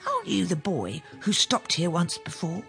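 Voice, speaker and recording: A woman voicing a big, stern ogre's wife in a storybook cartoon, speaking low and hushed. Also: huge pitch swings, normal speed, gravelly, soft background music, heavily acted.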